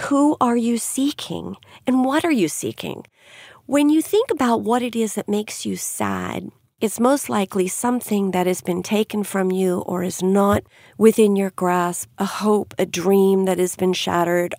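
A middle-aged woman giving an earnest devotional Bible teaching, gently putting questions to her listeners. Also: mid-range voice, no room sound, clean studio sound.

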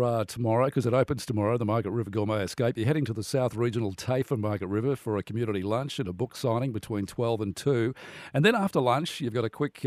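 Matey Australian radio host, dry studio. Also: male voice, medium pitch, darkish tone, dry recording. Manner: chatty, laughs easily, matey. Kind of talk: casual radio chat.

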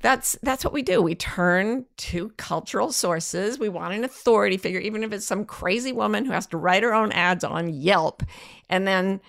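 A woman's voice: medium pitch, moderate pace, creaky, dry recording, clean studio sound. A woman co-hosting a podcast, telling anecdotes in casual chat and acting out the quotes. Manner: animated storyteller, acts out quotes. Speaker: podcast co-host.

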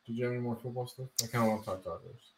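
A man's voice: mid-range voice, rapid-fire, rough recording. A man co-hosting a podcast, laid-back and swearing casually as he chats. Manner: laid-back, swears a lot, says dude. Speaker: podcast co-host. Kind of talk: casual chat. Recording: voice a bit off-mic.

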